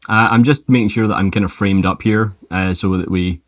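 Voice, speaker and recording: A man's voice: on the low side, fairly even intonation, a little fast, dry recording. A man hosting a live stream on a lavalier mic, upbeat and rambling, talking to viewers as folks. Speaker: host of a live portfolio review stream. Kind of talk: casual live-stream chat.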